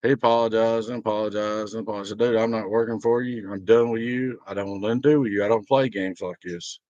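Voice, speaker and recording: A man's voice: fairly low pitch, fairly even intonation, fast talker, darkish tone, dry recording. A man, a small business owner telling a rambling, aggrieved story in a casual vlog, blunt and fired up. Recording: dry, dull lo-fi sound.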